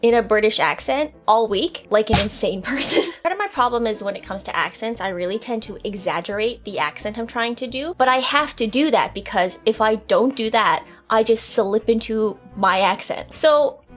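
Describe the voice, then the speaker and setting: A woman vlogger talks in a lively, animated way, her pitch swinging up and down. She mocks herself and laughs often as she practices, and her voice sits a little higher than most. Light music runs underneath. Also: normal speed, few pauses. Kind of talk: casual vlog, practicing an accent.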